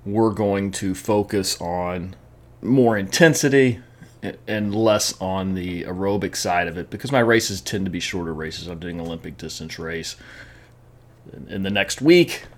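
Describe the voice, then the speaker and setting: A man's voice: low voice, measured pace. A man telling his training mishaps in a casual vlog, chatty, often laughing and repeating words as he talks. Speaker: amateur triathlete vlogger.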